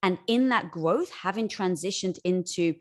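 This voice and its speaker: A woman's voice: on the low side, a little slow, darkish tone. A woman guest on a podcast speaking in an encouraging, affirming way, addressing the host as "girl". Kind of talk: candid conversation.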